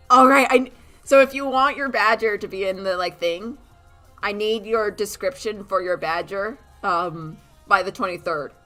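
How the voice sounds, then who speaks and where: A woman's voice: mid-range voice, sharp tone. A woman from Canada chatting casually on a live stream while she draws, rambling and laughing at herself as she answers chat. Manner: rambling, giggly, self-mocking, talks to chat. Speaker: streamer and animator.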